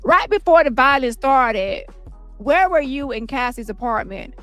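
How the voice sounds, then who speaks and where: A woman reading a brisk trial attorney. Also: high-pitched, animated, a bit bright, soft background music, voice pushed up. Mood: probing. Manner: brisk, pointed questioning. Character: attorney questioning a witness at trial.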